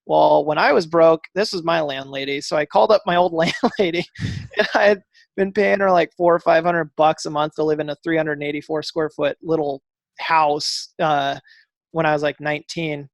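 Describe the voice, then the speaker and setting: A man guesting on a podcast, telling a story animatedly, acting out dialogue with fillers and quick restarts. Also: on the high side, steady tone, creaky, no room sound. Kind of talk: casual storytelling interview.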